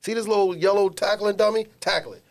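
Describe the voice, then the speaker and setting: Recording in a small studio, this podcast co-host spins funny stories in slangy, emphatic conversation. His voice sits high and moves at a quick pace, full of animated energy.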